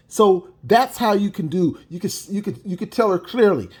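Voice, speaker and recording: A man's voice: high voice, lively intonation, moderate pace, hardly any pauses, a little mellow. A man giving emphatic reaction commentary, repeating his points and adding mocking asides. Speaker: video commentator.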